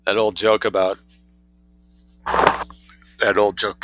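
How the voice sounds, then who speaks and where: A man narrating a story aloud in a wry, lively reading voice, adding his own commentary. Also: deep voice, slow, gravelly, long pauses, a little hiss or hum, poor audio. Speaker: reader and commentator.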